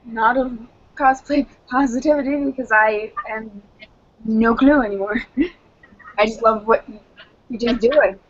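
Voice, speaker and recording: A woman co-host puts her questions in a halting, hesitant way, her voice a little high. It is a dull, dry, lo-fi recording. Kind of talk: casual interview questions.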